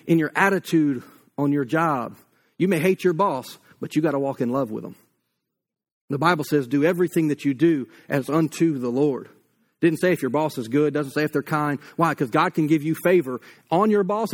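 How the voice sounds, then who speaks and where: A man's voice: a little high, normal speed. A man preaching a blunt, conversational sermon with humor, likely in his thirties, acting out quoted voices along the way. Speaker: pastor.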